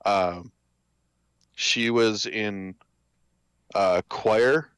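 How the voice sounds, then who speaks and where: A young man with a low, smooth, resonant voice tells a story slowly in casual chat. He halts and restarts as he goes, and the sound is dry and close. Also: fairly bright tone, dry recording. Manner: slow, halting storyteller.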